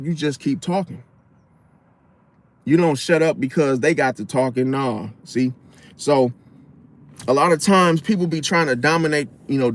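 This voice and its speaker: A man giving casual advice in a slangy, animated way, often acting out loud high-pitched interruptions. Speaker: astrology commentator.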